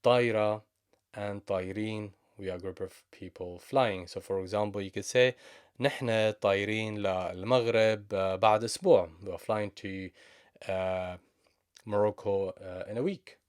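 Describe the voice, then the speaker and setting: A man with a Levantine Arabic accent teaches a language lesson. His voice sits fairly low. He speaks patiently and moves back and forth between English explanations and Arabic example phrases. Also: steady tone, normal speed, clean tone.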